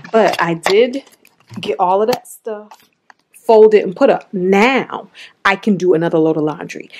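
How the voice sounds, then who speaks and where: A woman in her thirties chats to camera as she moves through her home, relaxed and talkative. Her voice sits at a middling pitch, and the sound is picked up on a handheld camera indoors. She speaks to her viewers with easy, informal slang. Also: a little hiss or hum. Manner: chatty, talks straight to viewers with "y'all". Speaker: vlogger. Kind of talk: casual home vlog talking to camera. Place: inside a home, walking between rooms.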